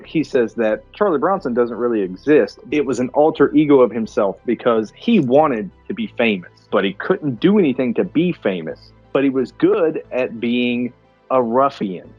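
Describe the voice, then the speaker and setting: Man, podcast co-host, animated delivery, excitable, swears, slightly breathy voice. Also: medium pitch, normal speed, no room sound, highs cut off, faint music behind. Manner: excitable, swears a lot, acts out scenes. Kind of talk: casual movie chat over beer.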